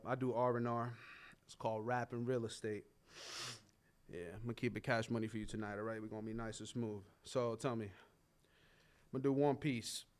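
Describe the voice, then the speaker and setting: A man's voice: mid-range voice, steady tone, normal speed, pauses often. A man chatting casually from an open mic stage before his rap, laid-back and slangy. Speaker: rapper and performer.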